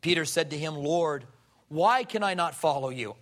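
A male pastor preaching a sermon, animated and acting out the people he quotes. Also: fairly high pitch, normal speed. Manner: animated, acts out quoted voices.

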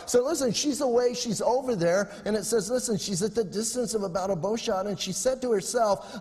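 A middle-aged male pastor preaching a sermon in an animated, conversational way with humor. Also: high-pitched, normal speed, hardly any pauses, in a large hall.

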